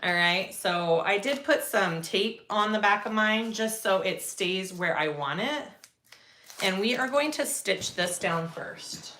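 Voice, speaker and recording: A woman's voice: medium pitch, expressive, unhurried, sharp tone, a little hiss or hum. A woman hosting a live sewing tutorial, chatting casually and greeting viewers as she works. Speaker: sewing livestream host.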